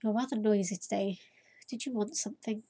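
Woman reading an aloof, bookish bird boy; soft, flat and curt. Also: medium pitch, fairly quick, husky.

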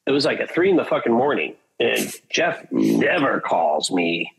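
A man's voice: mid-range voice, big pitch swings, normal speed, vocal fry, slightly rough, poor audio. A man, a metal singer from Portland, Oregon, telling rambling, profane anecdotes in a casual chat and acting out what others said. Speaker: guest, metal band singer.

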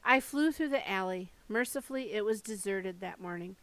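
A woman reading a first-person memoir aloud in a steady, measured way. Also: mid-range voice, no room sound, rough recording. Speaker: audiobook reader.

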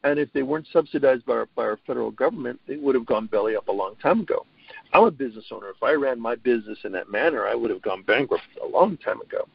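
A middle-aged man with a gravelly, husky voice, speaking earnestly and often stumbling over his opening words. The sound is dry and dull, like lo-fi audio. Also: mid-range voice, lively intonation, fast, dry recording. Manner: earnest, repeats words when starting sentences. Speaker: guest. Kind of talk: casual interview talk.

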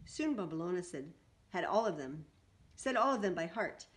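A woman reading a children's picture book aloud in an expressive, animated way. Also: fairly low pitch, normal speed. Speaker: storybook reader.

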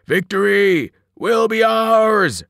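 A man voicing a bloodthirsty, boastful cannibal giant who bellows slow threats in a storybook reading. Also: sits high, animated, vocal fry, a bit bright, dry recording, clean studio sound, voice pushed up, full character voice. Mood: bellowing threats. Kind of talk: audiobook character voice.

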